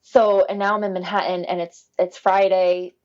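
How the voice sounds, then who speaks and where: A young woman telling a story in casual conversation, animated and acting out the voices of the people in it. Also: medium pitch, normal speed, highs cut off. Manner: animated, acts out quoted voices, laughs often. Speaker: guest telling her birth story.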